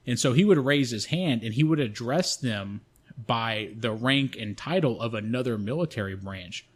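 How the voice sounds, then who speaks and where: A man's voice: medium pitch, expressive, normal speed. Profane man telling a rambling story. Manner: profane, rambling, frequent restarts. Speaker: podcast co-host. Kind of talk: casual storytelling.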